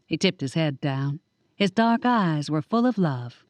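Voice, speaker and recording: A woman's voice: sits low, unhurried, no echo. Wry woman narrating an audiobook. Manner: lively, wry first-person storytelling. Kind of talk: scripted narration.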